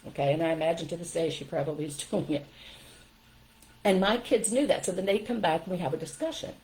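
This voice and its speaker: A woman's voice: lowish voice, fast talker, a little mellow, rough recording. An older woman giving firm, emphatic parenting advice straight to her viewers in a casual livestream talk.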